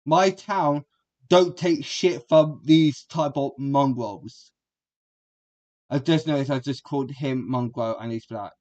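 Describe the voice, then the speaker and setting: A man's voice: mid-range voice, slow, a little mellow, muffled recording. A man, giving a rambling, crude and combative reaction commentary as a streamer.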